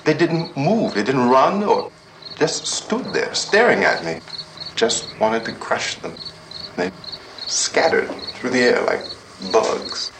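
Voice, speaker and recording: A shaken but steady man trapped under siege in an old horror film, his halting account dropping low and quiet. His voice swings with lively pitch. It sounds roomy and distant, with loud hiss behind it. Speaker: survivor recounting an attack.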